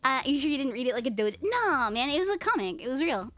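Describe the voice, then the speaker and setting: A young woman hosting a livestream, reading aloud and chatting with her viewers, animated and profane. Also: sits high, fast talker, soft background music. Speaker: livestream host. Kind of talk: reading and chatting with live chat.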